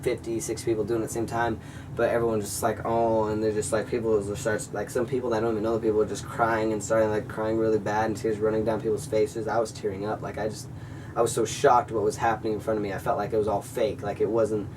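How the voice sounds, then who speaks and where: A man's voice: fairly low pitch, level tone, quick pace, recorded from a distance, noisy background. A young man vlogging, telling a personal story in a rambling, earnest way with lots of fillers, now and then acting out what people said. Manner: rambling, filler-heavy, earnest retelling with acted-out quotes. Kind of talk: casual storytelling to camera.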